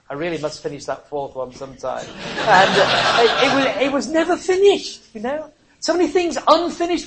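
An older preacher giving a sermon, swinging between soft pleading and loud exclamations, with frequent chuckles. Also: mid-range voice, poor audio.

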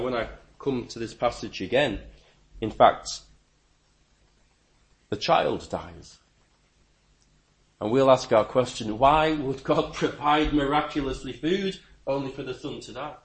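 A man preaching a sermon, emphatic, with stammering restarts and sudden rises in pitch and volume.

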